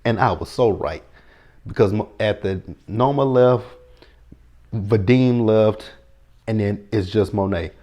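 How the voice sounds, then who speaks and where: A man's voice: lowish voice, takes it slowly, long pauses, mellow. A man, recapping a TV episode in a blunt, sassy, profane casual chat. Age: 30s.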